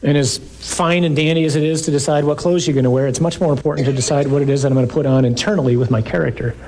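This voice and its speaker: A man preaching to a live congregation, reading scripture slowly and with emphasis, then breaking into quick, joking asides. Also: a little high, fairly even intonation, a little mellow, slight background noise.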